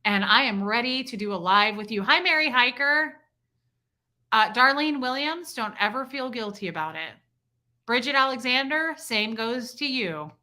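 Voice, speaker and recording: Young woman streamer, bright clear voice, gushing, reads chat names aloud. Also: on the high side, animated, moderate pace. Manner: effusive, thanks viewers by name. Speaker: livestream host. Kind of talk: casual livestream chat reading donations.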